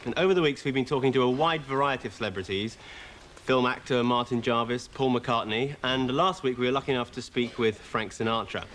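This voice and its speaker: A man's voice: mid-range voice, brisk, a bit bright. A man hosting a mock celebrity interview spot, patiently prompting his nervous guest. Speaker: sketch show interviewer.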